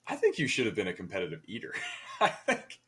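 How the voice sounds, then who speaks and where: A man's voice: lowish voice, huge pitch swings, quick pace, a bit bright. A young adult man co-hosting a podcast, rambling through a story in casual chat with lots of fillers. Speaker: podcast co-host.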